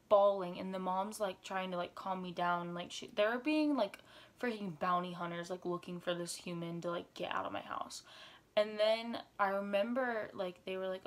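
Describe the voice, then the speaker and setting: A young adult woman vlogger retelling a story, with lots of fillers, in a lively chatty way. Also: lowish voice, moderate pace. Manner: animated retelling, frequent "like" fillers. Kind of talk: story time vlog.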